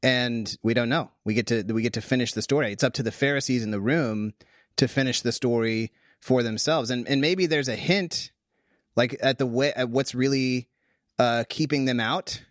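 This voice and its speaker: A man hosting a casual discussion podcast. He talks in an animated way, restarting sentences as he thinks aloud. The voice sits at a middle pitch on a dry, close recording. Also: normal speed, no room sound. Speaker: podcast host.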